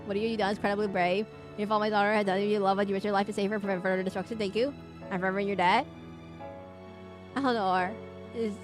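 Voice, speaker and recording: A woman streamer playing a romance horror game, reading the characters' lines aloud with drama and breaking off to react and laugh. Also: medium pitch. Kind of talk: reading game dialogue aloud during a let's play.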